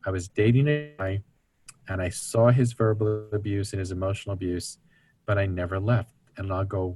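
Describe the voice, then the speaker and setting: A man's voice: on the low side, brisk, darkish tone. A man speaking as an interview guest, explaining family dynamics in an earnest teaching tone and acting out the voices of people he quotes. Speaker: guest speaker on recovery ministry.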